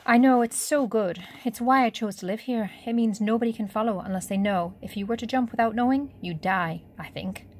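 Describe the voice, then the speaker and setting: A woman's voice: on the high side, fairly quick, hardly any pauses, a little hiss or hum, pitched above the performer's own voice, close to an everyday voice. A woman reader voicing a blunt, cocky French boy who talks in curt, matter-of-fact lines.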